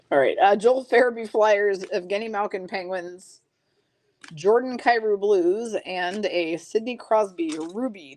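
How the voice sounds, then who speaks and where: A woman's voice: medium pitch, darkish tone, no room sound. A woman hosting a live card-opening stream, chatting casually, reading viewer comments aloud and laughing often.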